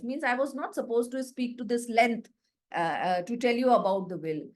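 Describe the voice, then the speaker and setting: A woman teacher with an Indian English accent and a somewhat high voice, working through a play line by line. She reads a passage aloud, then restates it in plain words for her students, dropping in "you know" as she explains. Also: normal speed, darkish tone. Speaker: literature teacher.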